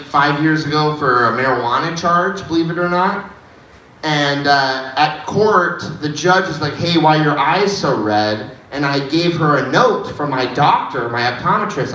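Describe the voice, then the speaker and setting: A man's voice: fairly high pitch, bright, forceful tone. A man doing a stand-up set at an open mic, telling stories in a laid-back way with frequent "dude" asides. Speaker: stand-up comedian. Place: dive bar comedy room. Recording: echoey bar room, distant mic, faint noise.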